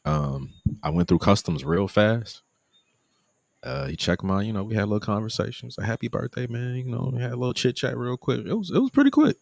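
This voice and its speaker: Deep-voiced man with a gravelly edge, chatty vlogger telling a story, swings his pitch a lot, dry close sound. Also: brisk, no echo. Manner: animated, acts out quoted people in a higher voice. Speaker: vlogger live-streaming his trip. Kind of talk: casual storytelling.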